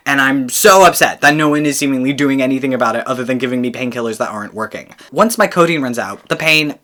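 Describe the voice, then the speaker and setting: British man, brightly forceful voice, swearing and laughing through a storytime vlog. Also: mid-range voice, fast talker. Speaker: vlogger.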